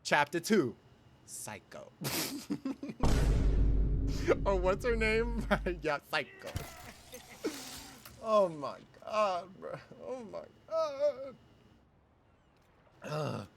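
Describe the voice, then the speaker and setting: A man's voice: high voice, extremely slow, gravelly, pauses often, background noise. A young man live-streaming, chatting casually and reacting with frequent exclamations and laughter. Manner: animated, exclaims often and laughs a lot.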